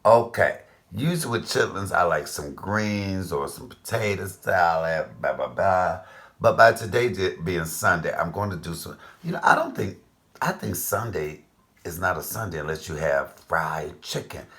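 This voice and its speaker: A man's voice: low-pitched, expressive, moderate pace, a bit bright. A man in his fifties hosting a casual cooking vlog, chatting to viewers with rambling asides. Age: 50s. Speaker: cooking channel host.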